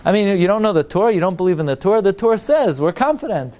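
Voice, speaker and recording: A carefree, scoffing worshipper as a teacher acts him out fires off incredulous questions, unbothered by the solemnity around him. The voice sits a bit high, breezy and mocking. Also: male voice, lively intonation, fast, warm tone. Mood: breezy mockery. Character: nonchalant man shrugging off worry in synagogue.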